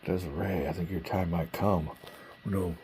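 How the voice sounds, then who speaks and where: A man's voice: low voice, fairly even intonation, unhurried, slight background noise. A man hosting a solo board game, reading card text aloud and musing over each draw with easy fillers. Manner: hushed and quiet at first. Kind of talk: casual gameplay commentary.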